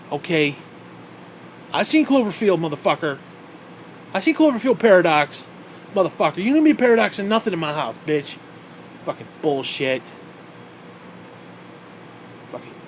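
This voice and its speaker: A man's voice: on the high side, slight background noise. A man delivering an angry, profanity-laden rant to camera, sarcastic and swearing constantly. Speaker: vlogger. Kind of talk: profane ranting monologue.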